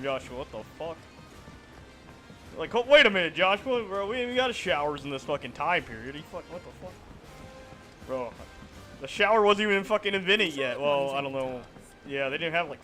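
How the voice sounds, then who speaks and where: A young man streaming a game, swearing and laughing through casual commentary. His voice sits high and bright, with faint music behind. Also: expressive, brisk. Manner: profane and laughing.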